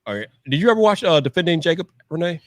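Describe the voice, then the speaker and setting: Male livestream host on a video call, bouncy pitch, teasing and playful, dry close sound. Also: rapid-fire, no room sound. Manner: animated, teasing, laughs often. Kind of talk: casual chat.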